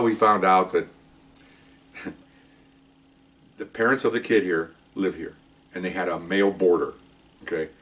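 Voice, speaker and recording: A man's voice: low-pitched, fairly bright tone, recorded from a distance. A man hosting a podcast, telling a police story in a chatty, rambling way, chuckling at grim details. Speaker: retired police officer podcast host. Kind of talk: casual storytelling monologue.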